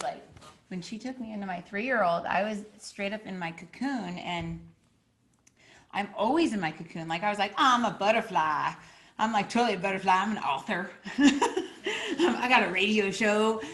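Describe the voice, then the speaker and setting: A woman teaching a casual spiritual class, rambling with many filler words and jumping into lively quoted voices. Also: lowish voice. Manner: animated, acting out quotes with a jumping voice.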